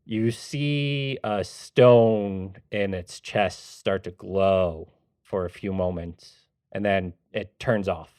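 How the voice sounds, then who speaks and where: Low-voiced game master narrating. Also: male voice, darkish tone, dry recording, clean studio sound. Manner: descriptive, measured.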